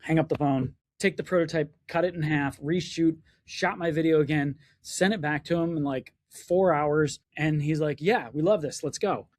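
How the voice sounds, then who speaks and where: Man, higher-pitched, animated storyteller, dry close sound. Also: normal speed, hardly any pauses, dry recording. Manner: animated storyteller, acts out quoted dialogue. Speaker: podcast co-host, inventor coach. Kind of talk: casual chat.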